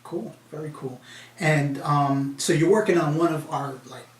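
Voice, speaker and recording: A man casually interviewing a colleague in an office, asking relaxed, chatty questions. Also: on the high side, normal speed. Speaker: interviewer, company head. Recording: echoey room from a distance.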